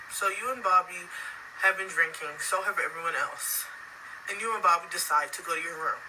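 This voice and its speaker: A man telling a put-a-finger-down story in an animated way, speaking straight to the listener. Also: high-pitched, fairly quick. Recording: distant mic with clear background noise.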